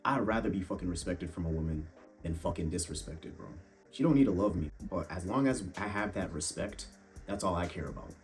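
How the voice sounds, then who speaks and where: A man's voice: low voice, expressive, fairly quick, soft background music. A young man giving blunt, profane dating advice straight to the viewer, addressing them as bro. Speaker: fitness and dating vlogger. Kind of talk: casual monologue to camera.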